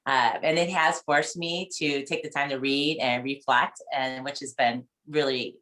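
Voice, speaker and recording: A woman's voice: extremely low pitch, fairly even intonation, measured pace, a bit bright. A woman in her forties, leading a book club discussion on a video call, telling a personal story in a rambling, emotional way with many restarts.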